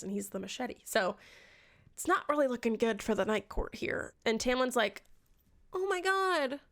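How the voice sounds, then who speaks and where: A woman giving an animated, sarcastic book recap in a casual vlog, swearing often. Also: fairly high pitch. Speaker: book reviewer.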